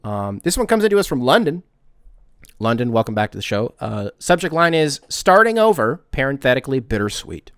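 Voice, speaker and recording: A man's voice: medium pitch, very animated, a little fast, no room sound, clean studio sound. A man from the United States hosting a casual solo podcast, rambling and correcting himself as he talks. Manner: rambling, self-correcting, conversational. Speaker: podcast host.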